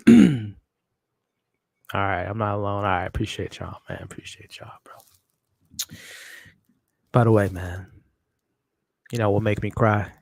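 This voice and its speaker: A man's voice: fairly low pitch, gravelly, darkish tone, dry recording. Emotional man hosting a live watch-along. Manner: emotional, talks to chat and his dog, slangy. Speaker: live stream host.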